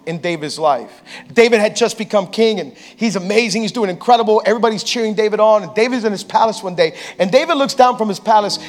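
A pastor preaching a sermon on a church stage, telling a story playfully and acting out the people in it. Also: male voice, sits high. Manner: lively, playful storyteller who acts out quotes.

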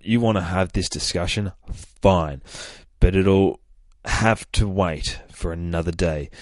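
A man reading out a stern, defiant male mutant leader in a raised, slow, emphatic way, recorded dry and close. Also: deep voice, no echo.

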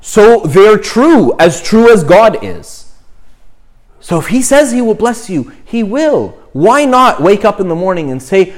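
A man's voice: high-pitched, sing-song, measured pace. A man, a young priest, giving an informal, chatty talk on prayer, often checking in with "right?" and "you know".

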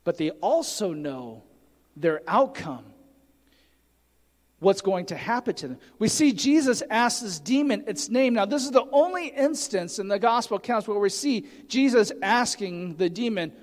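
A man's voice: high-pitched, lively intonation, moderate pace, in a large hall. A man preaching a sermon, earnestly teaching and reading scripture aloud with emphasis. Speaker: pastor.

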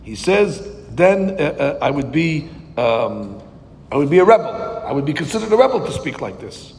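A man giving a verse-by-verse Torah class, reading Hebrew lines slowly, then translating and explaining them with rhetorical questions. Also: on the high side, big pitch swings, a little mellow. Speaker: Torah teacher. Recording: long hall reverb.

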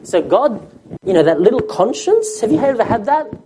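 A man's voice: very high-pitched, very animated, normal speed, noisy background. A man preaching a sermon as a pastor, talking conversationally and asking the congregation questions.

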